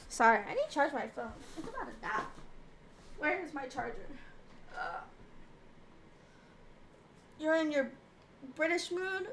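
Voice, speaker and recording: A woman's voice: high voice, big pitch swings, measured pace, pauses often, fairly bright tone, slight background noise. A woman streamer chatting casually and playfully with her viewers, teasing them and asking how they are.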